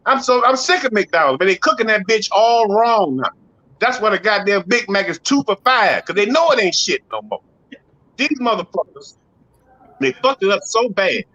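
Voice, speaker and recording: A stand-up comedian with a high, bright, forceful voice tears through a rowdy, profane routine full of slang. He keeps slipping into acted-out voices. The live recording is dry and a little dull. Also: very animated, normal speed, no echo. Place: comedy club.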